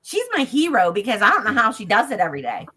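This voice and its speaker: A woman's voice: medium pitch, fast talker, slight background noise. A woman working as a ghost tour guide, telling a story on a talk show, acting out each person's lines and laughing often. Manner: lively storyteller who acts out every voice in the story; laughs often and jokes about herself. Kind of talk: animated anecdote on a talk show.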